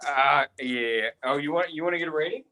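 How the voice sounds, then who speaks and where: A man, trading loud, crude insults in podcast banter. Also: a little high, brisk, no room sound. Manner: loud trash-talking, profane. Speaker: podcast guest.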